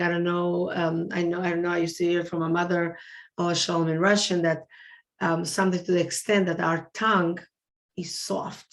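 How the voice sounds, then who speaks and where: A woman giving a religious class to women, speaking earnestly, repeating words and asking and answering her own questions. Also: on the low side. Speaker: rebbetzin teaching a women's class.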